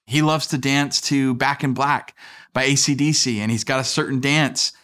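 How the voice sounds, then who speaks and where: A man in his thirties preaching a sermon in a relaxed, conversational way, mixing scripture with self-deprecating family stories. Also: medium pitch, normal speed. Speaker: pastor.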